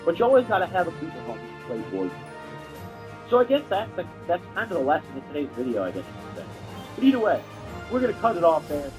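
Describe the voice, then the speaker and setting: A young man spins a loose, profane story straight to his viewers, full of slang and asides. His voice sits a little high for a man and jumps around a lot in pitch. Faint music hums under him. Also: huge pitch swings, fast, poor audio. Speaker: video creator. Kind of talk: casual storytelling to camera.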